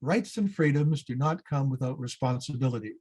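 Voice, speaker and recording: A man, a former citizenship judge, giving a measured, earnest prepared speech at an awards event. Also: medium pitch, expressive, a little mellow, breathy edge. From Canada. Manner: measured, earnest civic address.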